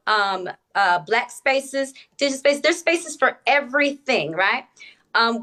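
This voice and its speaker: A woman with a slightly high voice lays out her points into a phone during a livestream debate. She speaks in a measured, deliberate way, pausing on filler words. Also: bright, forceful tone. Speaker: TikTok live guest. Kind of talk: casual live-stream debate.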